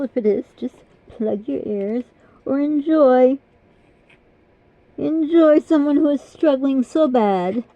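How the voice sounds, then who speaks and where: An older woman with a fairly high, gravelly voice, chatting on her vlog in a rambling, apologetic way while her mouth hurts. The recording is dull, lo-fi and very dry. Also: no echo. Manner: rambling, apologetic, self-deprecating. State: mouth pain. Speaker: vlogger. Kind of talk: casual chat.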